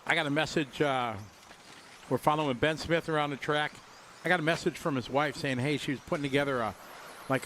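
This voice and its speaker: A man's voice: mid-range voice, a bit bright, a little hiss or hum. A man from Wisconsin giving chatty, upbeat live race commentary and greeting viewers. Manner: chatty, upbeat, jokes with chat and co-host.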